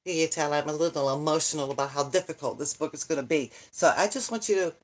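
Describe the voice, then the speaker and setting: A woman's voice: deep voice, quick pace, darkish tone. An older woman, a channel host who reads books aloud, chatting casually and rambling, interrupting herself and sighing over a tedious book. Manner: rambling, self-interrupting, dramatic sighs and complaints. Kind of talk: casual live chat and reading.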